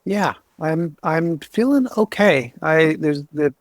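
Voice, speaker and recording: A man speaking as a podcast guest, earnest and emotional, halting with many restarts and fillers. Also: fairly high pitch, no room sound, clean studio sound. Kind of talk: candid interview talk.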